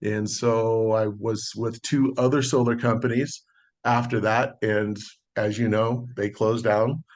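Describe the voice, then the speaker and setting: A middle-aged man, a solar sales consultant, telling a relaxed story in a podcast interview and acting out the dialogue. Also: on the low side, a little slow. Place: Las Vegas.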